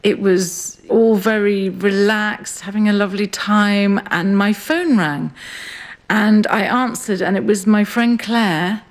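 In a radio interview recorded outdoors on a hill farm, a middle-aged woman who farms and writes recalls past events. She speaks slowly and reflectively, at a medium pitch with a steady tone.

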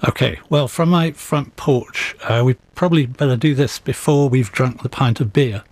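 A man, an author and guest, telling stories in an interview in a measured, thoughtful, gently wry way. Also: medium pitch, no room sound. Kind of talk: interview storytelling.

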